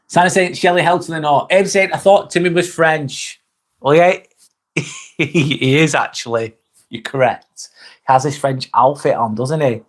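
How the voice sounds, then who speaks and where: A man's voice: on the high side, steady tone, a little slow. A man with an English accent hosting a casual live stream, reading out chat comments, chatty, swearing casually and laughing often.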